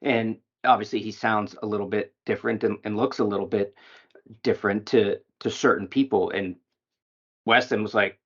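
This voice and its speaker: A man's voice: fairly low pitch, fairly even intonation, normal speed, slightly rough. A man hosting a podcast, a parent himself, speaking in a reflective, slightly rambling way. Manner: thoughtful, reflective, a bit rambling. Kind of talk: casual interview chat. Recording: dull lo-fi audio.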